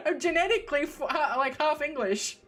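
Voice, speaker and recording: A young woman from the United Kingdom streaming, chatting casually in a rambling, giggly way that trails off into mumbles. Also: fairly high pitch. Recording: faint background music.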